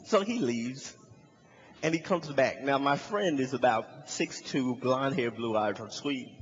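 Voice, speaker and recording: A young male comedian performs stand-up in a large hall before a live audience, telling a story and animatedly acting out its characters in high shouts. He speaks a little slowly. The audio has a long reverb tail, cut-off highs and a little hiss or hum.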